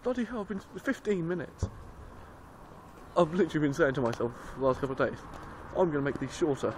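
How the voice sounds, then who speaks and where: A man's voice: a little high, quick pace. A young man, vlogging casually into his phone, rambling and swearing as he tells a story. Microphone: handheld phone. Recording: noisy street recording on a phone.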